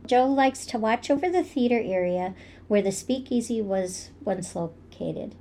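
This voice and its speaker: A woman co-hosting a podcast, telling stories in a relaxed way with fillers. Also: a little high, a little slow, slight background noise. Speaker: podcast co-host. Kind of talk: casual storytelling chat.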